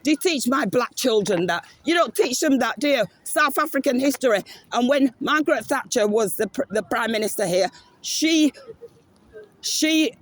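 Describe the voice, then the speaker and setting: Insistent high-voiced woman. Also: lively intonation, moderate pace. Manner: insistent, repeats demands, raises voice. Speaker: protester filming on a phone. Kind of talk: heated confrontation. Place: outdoors in a public park. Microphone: phone held by the speaker.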